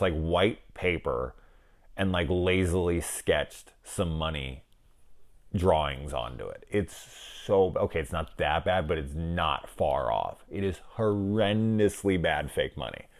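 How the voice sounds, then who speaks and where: A man's voice: deep voice, expressive, unhurried, a little mellow. A middle-aged man giving a rambling, wry, casual film review, swearing now and then.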